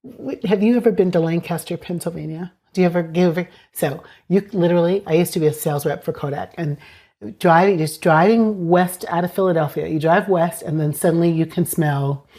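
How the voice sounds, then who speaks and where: A woman's voice: on the low side, fairly quick. A woman hosting a podcast interview, affirming her guest and laughing easily. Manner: warm affirmations, playful laughs. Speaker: podcast host. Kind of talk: conversational interview.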